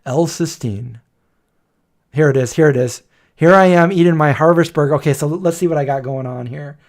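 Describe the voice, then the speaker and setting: Middle-aged male host, casual chat, rambling joker, slightly high voice. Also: moderate pace, darkish tone. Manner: rambling, joking storyteller.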